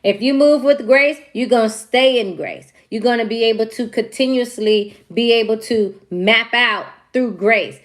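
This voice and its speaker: Young woman doing a tarot reading, kinda high voice, says the big points twice. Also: unhurried, few pauses. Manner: emphatic, repeats key phrases. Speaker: tarot reader. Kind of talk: casual tarot reading with storytelling.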